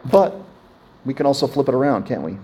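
A man's voice: mid-range voice, expressive, brisk, dark tone, a little hiss or hum. A man in his thirties, a pastor preaching a sermon in a conversational way, often asking his congregation questions.

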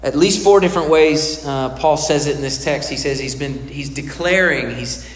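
A pastor preaching a sermon in a conversational way, putting questions to the congregation. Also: male voice, a little high, normal speed. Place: church hall. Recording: echoey hall with long reverb.

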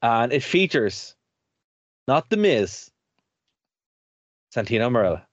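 A man's voice: medium pitch, very animated, takes it slowly, dry recording, highs cut off. A man co-hosting a radio show and podcast, chatting casually and rambling as he laughs often. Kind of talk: casual chat.

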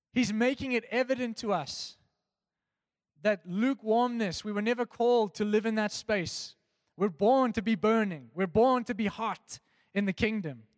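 A man preaching an earnest devotional sermon, reading scripture and dropping soft and low on key phrases. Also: no room sound, long reverb tail.

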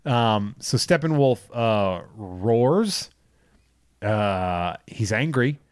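A man's voice: lowish voice, smooth, dry recording. Dude swearing his way through a movie recap, dry close sound, does little voices. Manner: profane, animated retelling with quick impressions. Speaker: podcast co-host. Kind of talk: casual chat recapping a movie.

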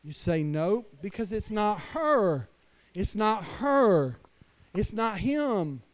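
A man pastor preaching a sermon to fathers, emphatic, swinging between hushed lines and loud declarations. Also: high voice, sing-song, takes it slowly. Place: church.

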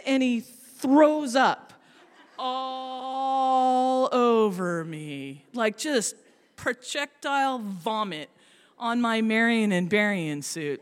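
A woman's voice: on the high side, animated, measured pace. A woman telling a comic story on stage, chatty and self-deprecating, with lots of fillers. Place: stage in a hall. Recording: reverberant hall.

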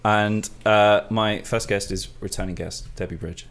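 A man's voice: lowish voice, steady tone, measured pace, fairly bright tone, clean tone. A man hosting a casual comedy podcast, teasing his guests with playful banter. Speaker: podcast host.

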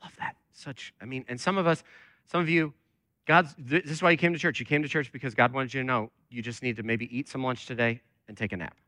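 Bright-voiced man preaching, conversational. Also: medium pitch, fast talker, dry recording. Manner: conversational, animated preaching with many fillers. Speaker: lead pastor. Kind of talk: sermon.

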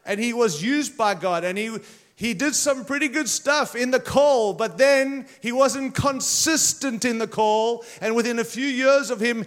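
A man preaching a sermon to a congregation, retelling a story in an energetic, conversational way. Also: very high-pitched, unhurried.

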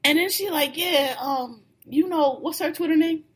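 A woman's voice: sits high, moderate pace. A woman telling a story in casual chat, laughing and acting out what people said. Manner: animated, laughing, acts out quoted lines.

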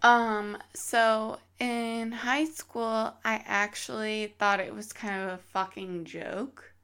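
A woman's voice: fairly high pitch, level tone, slow, fairly bright tone, clear, resonant tone. A woman guest on a podcast, chatting casually and giving dry, offhand answers. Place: podcast studio.

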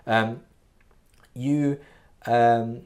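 A man's voice: mid-range voice, fairly even intonation, very slow, a little mellow. A man hosting a faith podcast, explaining a development model in a casual, earnest teaching monologue, full of fillers, restarts and "okay?" checks. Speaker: podcast host teaching a spiritual growth model.

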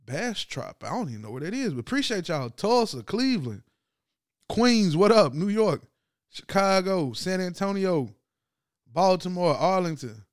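A man hosts his podcast in a loose, slangy sports monologue, his voice sitting a little high. The tone is smooth and clean. He is close to the mic in a dry, dead-sounding space. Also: big pitch swings, moderate pace, no echo. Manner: loose slangy delivery, swings from loud to low and subdued. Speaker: podcast host. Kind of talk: casual sports talk monologue.

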